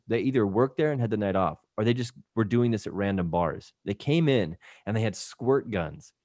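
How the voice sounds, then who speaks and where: A man's voice: fairly low pitch, no room sound. Man telling a wild story, dry sound. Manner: lively anecdote telling, acting out quoted people; frequent swearing. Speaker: podcast guest. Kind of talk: casual storytelling.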